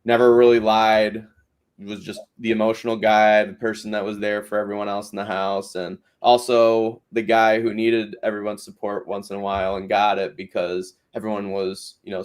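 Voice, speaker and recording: A man's voice: on the low side, clear, resonant tone. A man hosting a podcast, recapping a reality show in rambling casual chat full of fillers. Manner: rambling, many fillers and restarts. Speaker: podcast host.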